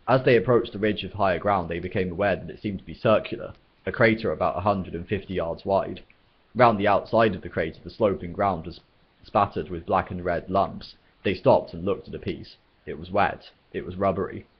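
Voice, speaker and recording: A man reading a novel aloud as storyteller, in a steady, measured way, on a dull lo-fi recording. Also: sits low, husky.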